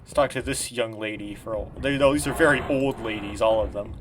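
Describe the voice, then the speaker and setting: Quiet rambling man narrating gameplay. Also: fairly quick, slight background noise. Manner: rambling, low-key and quiet. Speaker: gameplay commentator. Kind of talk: casual game commentary.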